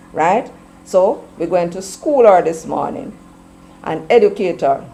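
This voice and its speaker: Forceful Jamaican woman, warm low voice. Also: a little hiss or hum, poor audio. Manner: forceful, preachy, mixes in patois. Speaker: commentator. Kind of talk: opinionated political commentary.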